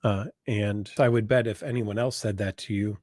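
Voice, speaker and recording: Man, low voice, dry close sound, earnest psychologist answering questions live, repeats points, slows for emphasis. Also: steady tone, darkish tone, no room sound. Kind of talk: live online Q&A advice.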